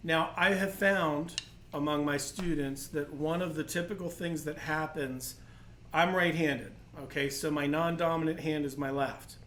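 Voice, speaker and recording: A man's voice: fairly high pitch, fairly even intonation, a little slow, fairly bright tone, echoey room, slight background noise. A man teaching a livestream drum lesson, patiently explaining technique and counting in. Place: percussion studio.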